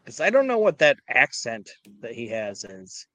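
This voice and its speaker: Man, co-host, bright forceful tone, swears a lot, dry close sound. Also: medium pitch, wildly swooping pitch, normal speed, dry recording. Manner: blunt and profane. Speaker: podcast co-host. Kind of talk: casual chat.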